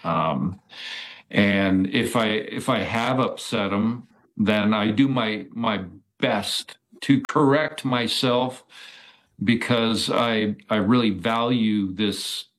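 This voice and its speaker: A man's voice: lowish voice, takes it slowly, a bit bright. A man talking casually as an interview guest, with hesitant speech full of fillers and restarts. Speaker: guest describing encounters.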